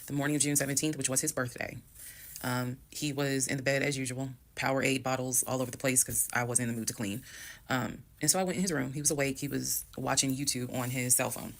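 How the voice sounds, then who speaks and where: A woman telling a personal story to her followers in a calm, measured way with blunt language. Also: rumbling low. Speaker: storytime creator.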